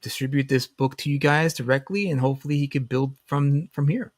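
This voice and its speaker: This man hosts a laid-back comic livestream in a dry, close sound. His pitch sits in a middle range for a man. He talks easily, often stumbling and restarting his phrases. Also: a little fast, no echo. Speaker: host. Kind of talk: casual livestream chat.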